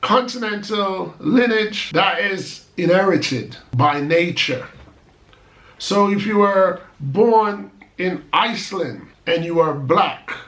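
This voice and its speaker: A man delivers an emphatic, argumentative monologue to his channel's viewers and brushes off critics with rhetorical asides. His voice sits a little high for a man. The sound bounces around a roomy space. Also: slow, a bit bright. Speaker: channel host. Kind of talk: opinion monologue to camera.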